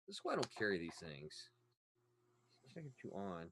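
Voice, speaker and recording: A man from Florida co-hosting a casual podcast chat, telling stories in a rambling, animated way full of restarts. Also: low-pitched, moderate pace, slight background noise. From Florida, USA. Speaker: podcast co-host.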